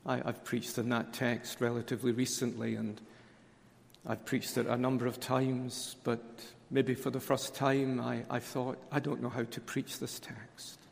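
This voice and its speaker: A man preaching a conference sermon, speaking slowly and deliberately with emphatic repetition. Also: mid-range voice, little pitch movement, creaky. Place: conference hall. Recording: reverberant hall.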